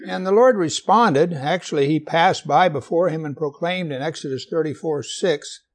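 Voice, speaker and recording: A man's voice: fairly high pitch, normal speed. A man preaching a sermon, reading scripture aloud and asking his listeners questions, with light humor. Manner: asks the congregation questions, jokes gently.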